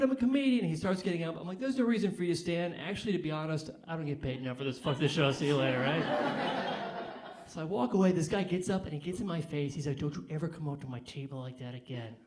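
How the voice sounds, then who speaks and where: A young adult man doing a stand-up comedy set on a brewery stage, telling deadpan stories and later working the crowd loudly. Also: a little high, slight background noise. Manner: deadpan storytelling, rising to loud crowd work. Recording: live audience laughter behind.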